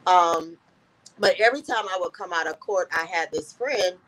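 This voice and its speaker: A woman's voice: lowish voice, moderate pace, fairly bright tone, rough recording. A woman guest in an interview, earnestly telling a personal story and often repeating "I said" as she recounts conversations.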